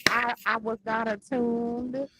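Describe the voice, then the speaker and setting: A woman's voice: a little high, little pitch movement, slow, crowd noise, rough recording. A woman co-hosting a reaction show, talking bluntly and mockingly with lots of swearing. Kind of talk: casual reaction commentary.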